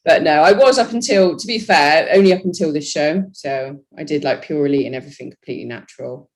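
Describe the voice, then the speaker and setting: A woman's voice: low voice, fast talker, a little mellow. A young woman chatting casually as a podcast guest, talking about her bodybuilding training with lots of "you know" fillers. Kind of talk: casual chat.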